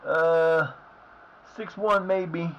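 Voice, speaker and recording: A man streaming a football management game live, cursing and shouting at his players. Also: a little high, drawn-out words, lo-fi sound, slight background noise. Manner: animated, swears, yells at the game. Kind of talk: live gameplay commentary.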